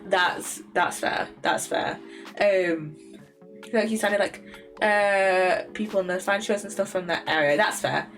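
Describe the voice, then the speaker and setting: A woman's voice: mid-range voice, unhurried, a bit bright, faint music behind. A young woman from England with an English accent, chatting casually on a live stream, rambling with many fillers, repeats, laughs and swearing.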